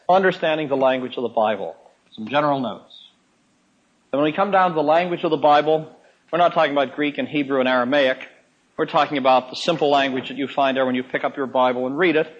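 Male preacher, husky voice, folksy sermon-style teaching with repeated phrases, dull lo-fi recording. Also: mid-range voice. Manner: folksy, repeats key phrases, slows down to explain. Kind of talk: sermon-style Bible lesson.

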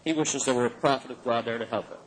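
A man giving a lecture on the Bible in an animated way, chuckling often and swinging his pitch for emphasis. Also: quick pace, a little hiss or hum, rough recording. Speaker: Bible teacher.

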